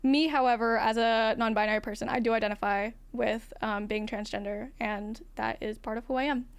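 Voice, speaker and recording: A non-binary streamer with a feminine-sounding voice, talking frankly in a casual livestream chat, swearing now and then and laughing often. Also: female voice, a little high, fairly even intonation, brisk, clear, resonant tone. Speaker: livestream host.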